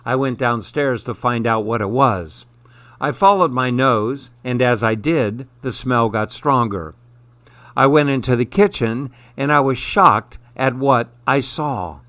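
A man calmly reading a children's storybook aloud. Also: mid-range voice, a little slow, no room sound. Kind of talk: storybook narration.

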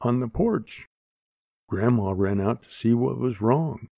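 Slow, gravelly man narrating a story. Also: medium pitch, animated, no room sound. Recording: dry, tinny phone-like sound.

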